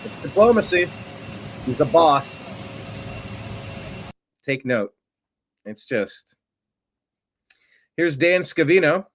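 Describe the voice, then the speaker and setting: A man's voice: on the high side, animated, takes it slowly, long pauses, fairly bright tone, a little hiss or hum. A man hosting a political news show, talking casually with wry, offhand remarks. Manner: wry, offhand, mocking asides. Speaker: political commentary show host.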